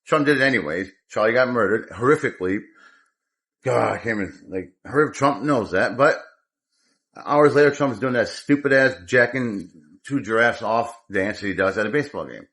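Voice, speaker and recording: A man's voice: medium pitch, expressive, normal speed, a bit bright. A man giving an angry, profane political rant as a commentator, rambling with many restarts.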